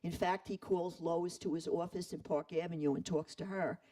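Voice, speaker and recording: A man retelling a story in an animated way, acting out the quoted voices. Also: a little high, normal speed, recorded from a distance, rough recording. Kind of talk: storytelling talk.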